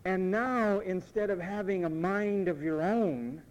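A man preaching a sermon, emphatic and repetitive, mimicking what others say in quick asides. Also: high voice, dull audio.

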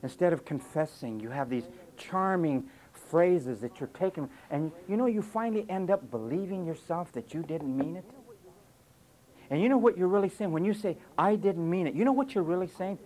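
A man's voice: high-pitched, normal speed, poor audio. A man preaching a sermon, emphatic, often mimicking what listeners say. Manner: emphatic, lively rises and drops, quoting listeners in mock voices.

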